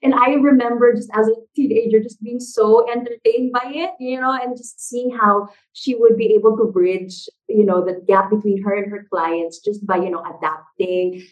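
Woman guest, theater founder, high-ish voice, chatty and animated with plenty of fillers. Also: moderate pace, hardly any pauses, dull audio. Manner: animated storyteller, lots of fillers like "like" and "you know". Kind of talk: casual interview chat.

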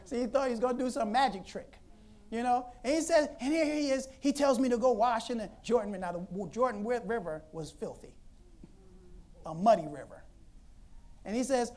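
A woman preacher telling a Bible story in an animated, conversational sermon, laughing often. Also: on the high side, normal speed.

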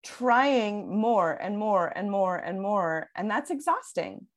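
In a relaxed podcast conversation, an earnest woman working as a parenting coach explains things at length, dropping plenty of "like" and "um." She restarts her sentences as she works through her points, speaking slowly at a medium pitch.

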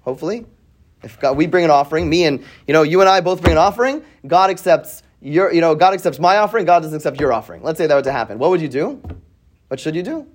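A man's voice: fairly high pitch, expressive, fast. A man teaching a weekly Bible class to students in a classroom. He reads Hebrew verses and translates them, asks questions, often adds "right?", and repeats words as he thinks aloud. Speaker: Torah teacher.

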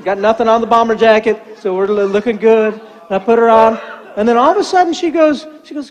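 A man's voice: very high-pitched, a little fast, dull audio. An older man, a pastor, telling a comic story in a sermon, acting out the voices in it. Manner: animated, acts out voices in a story.

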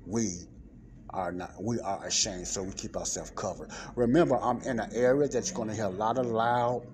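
A man with a fairly low voice teaches scripture in a relaxed, conversational way, reading verses aloud and breaking them down. He often checks in with his listeners between points. A faint hum of background noise sits under his voice. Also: normal speed. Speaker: Bible teacher. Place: non-soundproof spot in a library.

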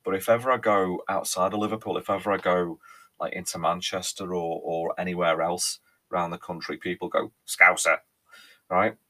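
A man with a low, deep voice and a Merseyside accent talks alone into his podcast mic. He rambles in a chatty way, repeating words and filling pauses with ums. He sounds like a man in his thirties. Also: little pitch movement, a bit bright. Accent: Merseyside with a faint Cheshire lilt. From Ellesmere Port, England. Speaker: podcast host. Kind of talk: casual solo podcast monologue.

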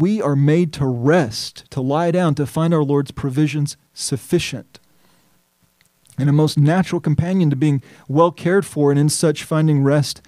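Earnest pastor with a mellow voice. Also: male voice, a little high, no echo, studio quality. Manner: measured, earnest preaching with emphatic scripture reading. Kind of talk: sermon.

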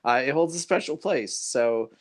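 A man's voice: mid-range voice, normal speed. A man co-hosting a casual review podcast, enthusiastic and full of "uh" fillers. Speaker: podcast co-host.

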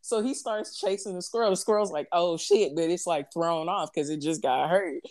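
A young woman hosting a casual chat, telling animated stories with many fillers. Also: on the low side, fairly quick. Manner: animated storytelling, frequent fillers.

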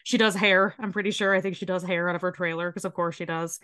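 A woman with a sore throat, co-hosting a podcast and recapping a show in an animated, swearing retelling. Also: on the low side, fast, clear, resonant tone. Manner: animated, swears freely, briefly mimics characters while retelling. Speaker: podcast co-host. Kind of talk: casual chat recapping a show.

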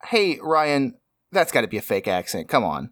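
A man's voice: big pitch swings, moderate pace, fairly bright tone, no room sound, studio quality. A man hosting an improvised comedy podcast over a video call with a headset, skeptical and teasing. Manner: skeptical, teasing, with big pitch swings.

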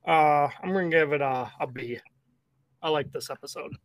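A man co-hosting a podcast in relaxed, rambling casual chat, often correcting himself mid-sentence. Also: fairly high pitch, normal speed, dry recording. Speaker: podcast co-host.

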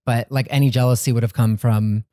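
A man's voice: medium pitch, steady tone, a little fast, mellow, no room sound. Easygoing male podcast guest, dry sound. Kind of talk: casual interview chat.

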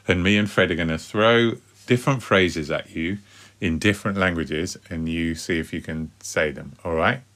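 A man's voice: deep voice, moderate pace, a bit bright. A middle-aged man co-hosting a home podcast with his daughter, chatty and upbeat. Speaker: co-host, father. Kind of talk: casual family podcast chat.

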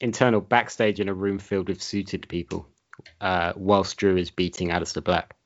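A man with a very low voice reads a comedy script aloud in a deadpan, narrating way. He co-hosts the show. It is a dull, lo-fi recording. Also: normal speed. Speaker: podcast co-host reading a script.

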